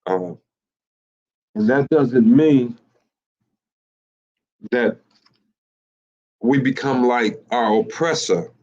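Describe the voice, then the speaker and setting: Halting male preacher on a muffled recording. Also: mid-range voice, darkish tone. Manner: repetitive, halting, with many fillers and rhetorical questions. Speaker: teacher of a religious group. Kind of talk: sermon-style teaching.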